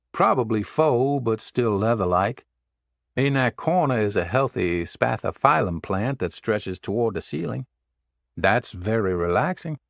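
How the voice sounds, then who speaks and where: A man's voice: mid-range voice, creaky, no echo, studio quality. A man voicing a wry, confident male Secret Service agent in an audiobook.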